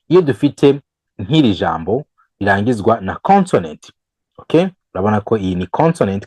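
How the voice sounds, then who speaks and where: A man's voice: on the low side, a little mellow, dry recording, low-quality recording. Man teaching English grammar. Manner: switches between English and Kinyarwanda, repeats examples slowly, counts the learner in. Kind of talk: bilingual grammar lesson.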